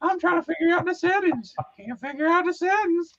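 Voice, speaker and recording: Goofy squeaky-voiced young guy, playful mockery, a man in falsetto; dull call audio. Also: a little fast, a bit bright. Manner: playful, mocking impression of a friend. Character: goofy high-pitched young man, cheerful.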